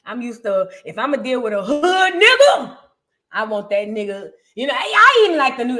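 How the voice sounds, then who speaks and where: A woman's voice: a little high, very animated, moderate pace, bright, forceful tone. A woman hosting her own commentary channel, talking in a rambling, slangy and blunt way. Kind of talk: casual reaction commentary.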